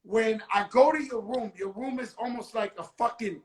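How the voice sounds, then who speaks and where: A man hosting a casual livestream chat, telling a story in an animated way and swearing freely, heard over a video call. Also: very high-pitched, moderate pace, poor audio.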